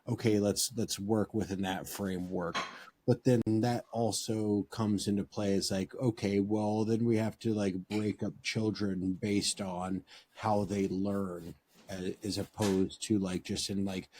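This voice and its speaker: A man's voice: lowish voice, darkish tone, a little hiss or hum. A man in a casual group discussion, pushing back bluntly and swearing casually.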